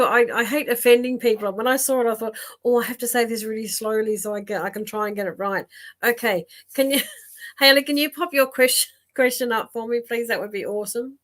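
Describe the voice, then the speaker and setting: A woman hosting a live psychic reading stream, chatty and laughing often, with many fillers and restarts. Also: on the high side. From Australia.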